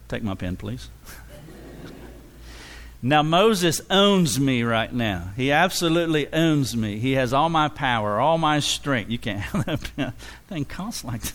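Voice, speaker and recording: Animated male preacher with lively pitch. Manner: animated, acts out dialogue, laughs between points. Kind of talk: sermon.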